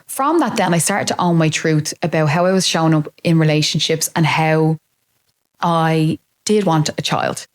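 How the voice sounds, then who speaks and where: Her voice sits low and moves at a moderate pace as this podcast host, a woman likely in her late thirties, shares a candid monologue about her life. The tone is open, thoughtful and confiding.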